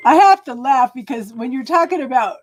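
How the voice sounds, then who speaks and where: An older woman hosts a casual tarot livestream in a high, expressive voice at normal speed. Chatty and laughing often as she talks, she greets viewers by name.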